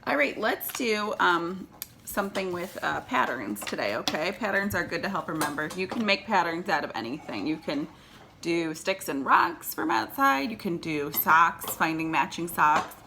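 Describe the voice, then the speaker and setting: A woman's voice: fairly low pitch, sing-song, moderate pace, vocal fry, sharp tone, slight background noise. A woman teaching young children at circle time, patient and checking in often with the kids. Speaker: preschool teacher.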